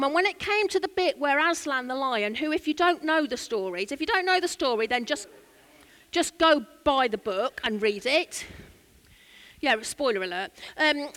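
An English woman preaches in a church with a bright, high voice. She tells a family story in a chatty, conversational way. She often turns aside to speak to the congregation. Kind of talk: sermon with personal story.

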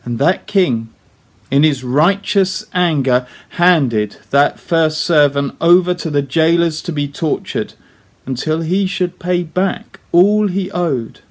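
A male preacher retells a parable in a slow, deliberate sermon. His voice sits somewhat high for a man. He speaks earnestly and often turns to his listeners with rhetorical questions.

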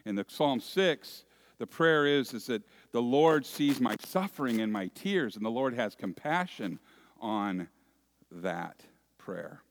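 A male pastor delivers a sermon at an unhurried, measured pace. His voice sits in an ordinary middle register, building to emphatic lifts on key lines and easing into softer explanatory asides. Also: mid-range voice, expressive. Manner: deliberate, with rising emphatic phrases and quiet asides.

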